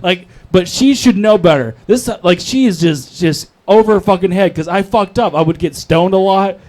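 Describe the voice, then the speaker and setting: Young North Carolina man with a Southern accent, slightly high voice, crude and rambling stand-up delivery. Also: moderate pace, darkish tone. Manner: crude, rambling, self-mocking with laughs. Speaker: stand-up comic. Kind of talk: open mic stand-up comedy.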